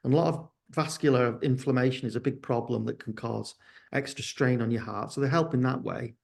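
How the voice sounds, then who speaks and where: A man's voice: mid-range voice, a little fast, gravelly, a little mellow. A sounding man answering interview questions, hesitant and candid, often restarting his sentences. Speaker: guest, company founder.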